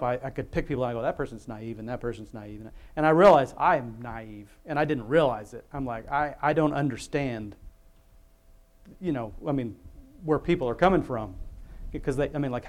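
A male pastor giving an informal, rambling sermon, full of asides, restarts and self-interruptions. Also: on the high side.

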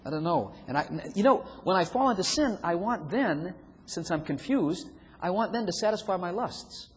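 A man's voice: sits high, lively intonation, normal speed, husky. A man preaching a sermon who acts out inner voices and chuckles often. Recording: long hall reverb, faint room noise.

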